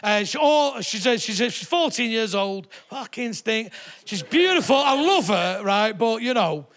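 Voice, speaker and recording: Man, stand-up comedian, very high voice, sweary storytelling. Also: very animated, measured pace. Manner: brash, sweary storytelling with shouted put-on voices. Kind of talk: live stand-up routine. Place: theatre stage before a live audience.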